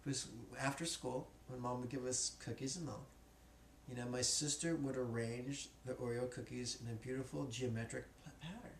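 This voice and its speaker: A man's voice: medium pitch, steady tone, moderate pace. A man teaching as a spiritual teacher, joking and casual, in a classroom. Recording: echoey room, faint noise.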